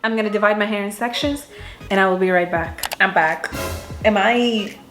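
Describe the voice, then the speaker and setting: A woman's voice: medium pitch, moderate pace, a bit bright. A woman vlogger giving a casual hair-styling how-to, chatty, cursing offhand and talking to herself as she goes. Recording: roomy echo with faint music.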